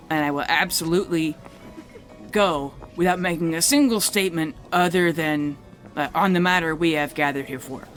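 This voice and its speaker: A man's voice: on the high side, a bit bright, natural voice. A man voicing a defiant young male noble with a blunt, scornful way of talking.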